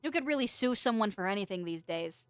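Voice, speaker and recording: A woman streaming as a VTuber, chatting casually with viewers, playful and quick to laugh, with casual swearing. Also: medium pitch, animated, smooth, dry recording, faint music behind. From United States. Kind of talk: casual chat reading viewer messages.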